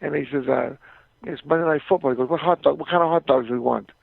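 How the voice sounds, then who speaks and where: Fast, gravelly and husky, this man's voice sits on the high side, recorded dry over a tinny phone line. An older ex-boxer calling in as a guest, he rambles through a long story, repeating words and impersonating the people he quotes.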